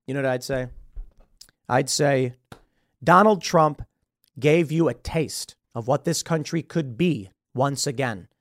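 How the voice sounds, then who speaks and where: A man hosting a podcast, giving opinionated, animated political commentary into a studio mic. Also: medium pitch, slow, no echo. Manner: opinionated, animated, slips into impressions. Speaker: podcast host.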